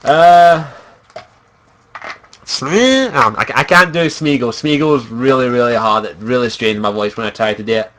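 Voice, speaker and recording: A man's voice: mid-range voice, steady tone, brisk, few pauses, fairly bright tone, a little hiss or hum. A young man from Scotland, a streamer chatting casually in a profane, giggly, rambling way. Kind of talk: casual livestream chat.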